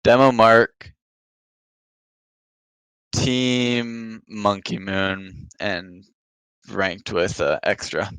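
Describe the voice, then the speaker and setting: A man on a podcast as the guest, chatting casually and trailing off into quiet mumbles. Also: lowish voice, fairly even intonation, extremely slow, long pauses, clean tone, no echo, rough recording. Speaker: podcast guest, pro esports player. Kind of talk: casual chat.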